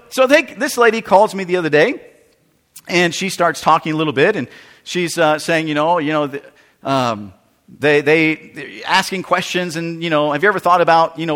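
A man, a pastor, telling a story in a sermon with animated, emphatic delivery and frequent repetition. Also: fairly high pitch, big-room sound.

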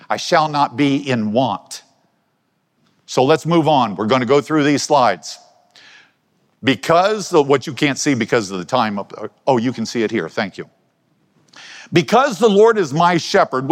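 A man preaching a conversational sermon, asking his listeners questions as he talks. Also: on the high side. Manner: conversational, asks the congregation questions. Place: church hall. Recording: long hall reverb.

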